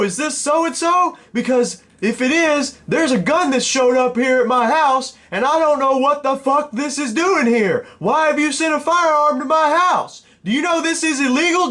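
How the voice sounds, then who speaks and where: A livid, threatening man hurls accusations down the phone in a shrill, high, strained voice. He sounds thin and set apart from the narrator's own tone, as a man puts him on. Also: bright, forceful tone.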